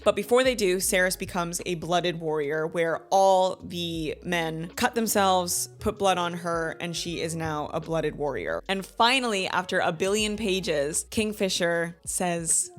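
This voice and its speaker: A woman in her thirties hosting a casual book club video, retelling the chapters in a gushing, animated way with quoted asides. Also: fairly low pitch, a little slow, hardly any pauses, soft background music. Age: 30s. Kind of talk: casual book review chat.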